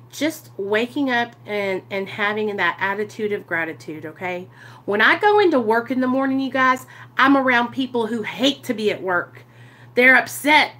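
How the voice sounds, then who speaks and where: A woman talking casually and earnestly to her viewers in a recovery vlog, animated and direct. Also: a little high. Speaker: recovery vlogger. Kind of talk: casual livestream-style talk to viewers.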